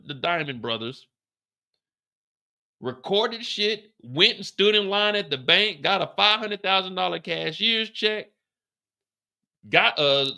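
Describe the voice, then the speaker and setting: A man hosting a live after-show, recapping a TV episode with animated, profane storytelling. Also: high-pitched. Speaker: host.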